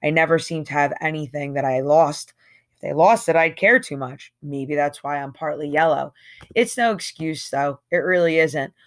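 A woman's voice: low-pitched, normal speed. A woman reading a novel aloud in a conversational, slangy first-person voice with emphatic swings. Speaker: audiobook reader.

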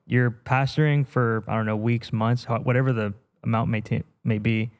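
Relaxed male podcast host asking questions. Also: mid-range voice, moderate pace. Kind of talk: interviewing.

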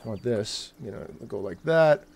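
A man's voice: fairly low pitch, moderate pace, vocal fry, slightly rough. A man hosting a live stream, talking energetically to his guests and swearing casually while he adjusts his setup. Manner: energetic, swearing, thinking aloud while fiddling with settings. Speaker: streamer, host.

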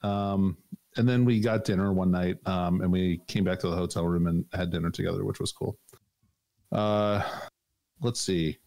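A man's voice: low voice, steady tone, normal speed, a little mellow. A man co-hosting a podcast in casual chat, rambling with many fillers and frequent laughs. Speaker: podcast co-host.

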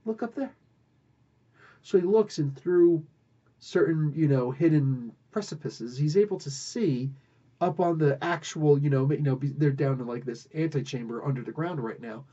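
A man's voice: a little high, moderate pace, dark tone, highs cut off. A man hosting a podcast, recapping a story in a rambling, playful way with self-corrections.

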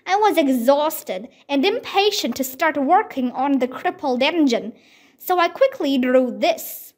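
Slow, high-voiced woman reading a storybook. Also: animated. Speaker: audiobook reader. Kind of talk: children's book read aloud.

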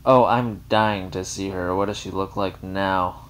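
A man's voice: deep voice, fairly even intonation, measured pace. A man voicing a gushing, girlish young woman visitor.

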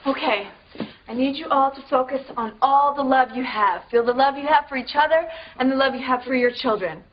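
A woman's voice: high voice, a little fast, slight background noise, lightly acted. An actress playing an urgent, pleading young woman in a soap opera. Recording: dull broadcast sound with music.

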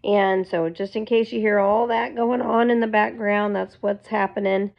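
A woman's voice: mid-range voice, fairly even intonation, moderate pace, creaky. A woman vlogger at home, telling an earnest, rambling faith testimony to her viewers. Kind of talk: casual faith testimony to camera. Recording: dull lo-fi recording.

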